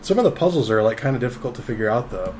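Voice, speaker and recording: A man hosting a casual podcast chat, talking haltingly with many fillers and restarts. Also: mid-range voice, animated, darkish tone, slight background noise. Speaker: podcast host.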